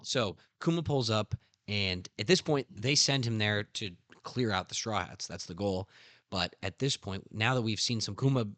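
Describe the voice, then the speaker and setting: A young man hosting a casual podcast, excitedly retelling anime scenes with slang and acting out character lines. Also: on the low side, moderate pace, no echo. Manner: animated storytelling with slang, acts out character lines. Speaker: podcast host.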